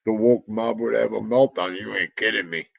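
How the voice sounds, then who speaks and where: A man runs a laid-back livestream, chatting with viewers and reading their comments in a rambling, animated way, now and then bursting into loud exclamations. His voice sits on the low side and is creaky, at a moderate pace. The lo-fi recording has no room sound.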